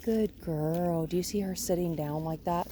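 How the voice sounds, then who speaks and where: A woman dog trainer explaining leash training outdoors on a residential road, calmly coaxing the dog and praising it often. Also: on the low side, normal speed. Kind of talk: instructional walk-along narration. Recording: outdoor noise in the background.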